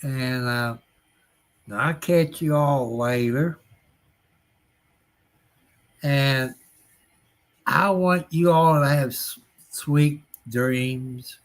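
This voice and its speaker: A man's voice: medium pitch, extremely slow, long pauses. A man hosting a casual livestream chat, folksy and drawn out, chuckling now and then. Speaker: livestream host.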